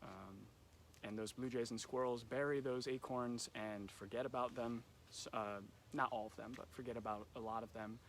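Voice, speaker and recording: On a live stream from a nature center, a young man who works as a camp educator there runs casual nature trivia for kids, chatty and loose with plenty of ums. His voice is medium in pitch with fairly even intonation and normal speed, picked up by a phone or camera with slight background noise.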